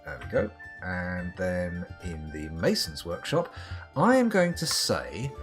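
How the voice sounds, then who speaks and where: British male streamer, low voice with a lively swing, wry rambling play-by-play, soft guitar behind. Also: takes it slowly. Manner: rambling, self-mocking, dry asides. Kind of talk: live gameplay commentary.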